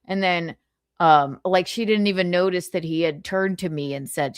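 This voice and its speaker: A woman livestream host telling a sassy, animated story in casual chat, laughing often. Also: fairly low pitch, moderate pace, clean tone, dry recording, clean studio sound.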